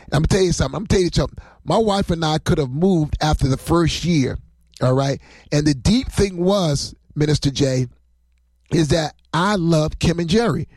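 Excitable pastor preaching on a livestream. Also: male voice, on the high side, moderate pace, dry recording. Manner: rambling, emotional, excitable, laughs often.

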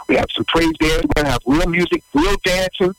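A man's voice: a little high, moderate pace, poor audio. A middle-aged male pastor preaching a sermon, repeating and stressing his points with emphatic energy. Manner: animated, repetitive emphatic preaching. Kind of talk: livestreamed sermon with announcements.

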